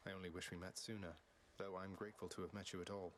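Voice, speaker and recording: An actor voicing a young, earnest prince of the underworld in a calm, low voice, heard from a video game over music. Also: male voice, fast talker, slight background noise. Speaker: game protagonist.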